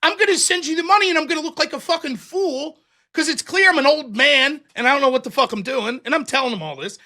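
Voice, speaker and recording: A man's voice: very high voice, quick pace, bright, forceful tone. A man hosting a livestream show, telling a story casually, acting out both sides of the dialogue in a profane, self-mocking way.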